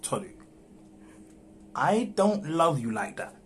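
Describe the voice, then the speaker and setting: A man reads a young man ending an affair in a live read-through, slow, calm and measured. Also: fairly high pitch, a little hiss or hum. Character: young man backing out of an affair with a married woman. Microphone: phone on a livestream.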